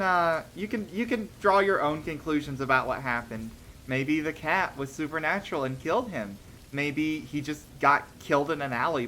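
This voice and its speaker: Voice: medium pitch, bright, forceful tone, a little hiss or hum. A streamer telling short stories on a casual livestream, hesitant with many ums and restarts, laughing between thoughts.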